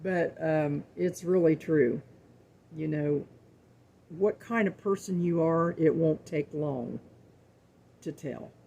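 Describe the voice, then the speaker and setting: Speaking slowly with long pauses, a middle-aged cooking-show host shares earnest, folksy thoughts on faith with her viewers, repeating words for emphasis. Her voice is deep, gravelly and mellow, with a breathy edge.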